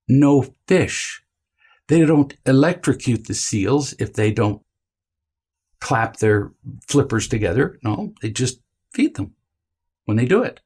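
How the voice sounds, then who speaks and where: A man teaching parenting in a calm, deliberate coaching tone, drawing out key words for emphasis. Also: medium pitch, gravelly, slightly rough. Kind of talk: instructional talk to camera.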